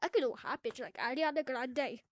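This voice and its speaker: A woman's voice: sits high, brisk, highs cut off, very noisy. A woman chatting playfully and goofing around while recording casual commentary over a VR game. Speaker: gameplay video maker.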